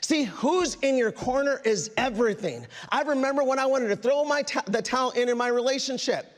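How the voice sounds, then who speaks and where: A man speaks to a live audience at a business meeting, with an unusually high voice. He tells stories animatedly and keeps calling out to the crowd. A long reverb hangs on every word, as in a big hall. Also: brisk. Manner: animated storytelling, addresses crowd as "guys", acts out quotes. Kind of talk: energetic motivational speech to a live audience.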